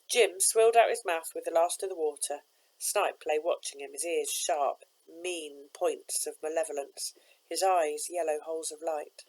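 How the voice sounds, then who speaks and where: Woman reading a story aloud, low voice. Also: normal speed, rough recording. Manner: steady, expressive narration.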